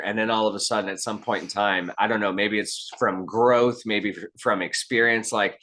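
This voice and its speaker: A man with a very low, deep voice talks as an interview guest. He is earnest and reflective, circling back and restarting his sentences as he works through an idea. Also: steady tone, normal speed, few pauses, bright, forceful tone. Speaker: guest, keynote speaker. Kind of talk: conversational interview answers.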